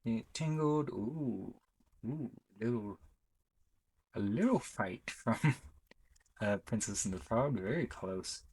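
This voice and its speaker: A man's voice: lowish voice, lively intonation, takes it slowly, pauses often, darkish tone, breathy edge, low-quality recording. A young man giving chatty, rambling commentary as he ranks films on his channel, often correcting himself mid-sentence. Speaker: YouTuber ranking films. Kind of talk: casual commentary.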